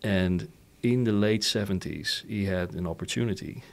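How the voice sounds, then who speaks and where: A middle-aged Dutch-accented man with a low, gravelly voice tells his story in a relaxed interview. He is animated, laughs often and keeps checking in with "right?". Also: moderate pace. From Netherlands. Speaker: company founder.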